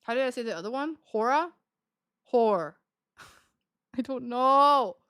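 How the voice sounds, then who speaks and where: A woman's voice: a little high, lively intonation, measured pace, fairly bright tone, clean tone. A woman streamer chatting casually to her live audience, giggling often as she talks. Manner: giggly, laughs often between words.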